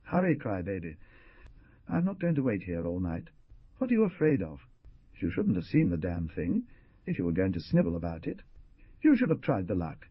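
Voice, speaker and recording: A coarse, heavyset bully of a man jeers and bellows, put on by a male narrator. The voice is husky and lively in pitch, heard on a dull, dry lo-fi audiobook recording. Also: moderate pace, pauses often, no room sound, heavily acted. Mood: scornful. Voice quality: loud and jeering. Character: big coarse mocking brash man.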